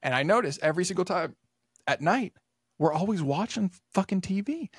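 A man co-hosting a casual podcast, telling rambling stories full of swearing and animated retellings. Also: sits high, a little fast, husky, no room sound, clean studio sound. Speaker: podcast co-host.

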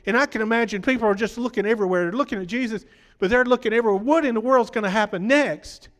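A man preaching in a high voice, worn from a day of sermons. He talks conversationally and keeps quizzing the congregation. His voice rings with the long reverb of a large hall. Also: fast, fairly bright tone.

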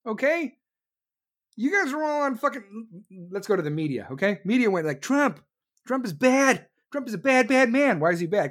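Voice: medium pitch, a bit bright. Foul-mouthed stream host going off, sarcastic, mock voices, combative bursts. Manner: profane, sarcastic, mocks opponents in put-on voices; combative, talks fast in bursts. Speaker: livestream host taking callers. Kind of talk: ranting political commentary.

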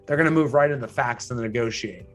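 A man's voice: racing, fairly bright tone, soft background music. A man teaching real estate agents in a training lecture, emphatic and full of rhetorical questions, repeating his key points. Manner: swings pitch up and down for emphasis.

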